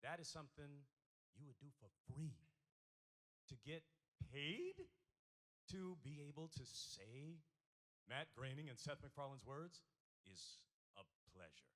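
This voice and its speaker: A man's voice: on the high side, expressive, measured pace, pauses often, a bit bright. A man speaking as a guest at a convention panel, telling stories unhurriedly and acting out quoted voices.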